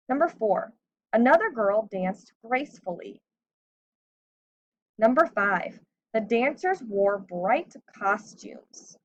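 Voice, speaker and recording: A woman teacher giving a recorded grammar lesson to young students, reading example sentences slowly and carefully. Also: medium pitch. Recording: slightly dull lo-fi recording with faint background hiss.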